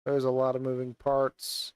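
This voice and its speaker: A man's voice: mid-range voice, monotone, moderate pace, clear, resonant tone, dry recording. A man ranting angrily about a game while wearing a VR headset, swearing and venting as a gaming vlogger. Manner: angry, swearing rant. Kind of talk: ranting commentary while playing. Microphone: VR headset on, gaming mic.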